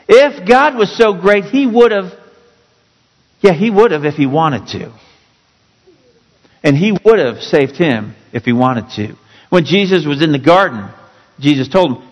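A male pastor preaching a sermon with dramatic, emphatic storytelling that drops suddenly to quiet. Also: a little high, sing-song, measured pace, long pauses, in a large hall, low-quality recording.

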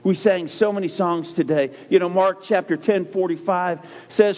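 A man preaching a sermon in a church. He talks emphatically and repeats key phrases with slow, drawn-out stress. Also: high voice, steady tone. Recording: dull recording with long hall reverb.

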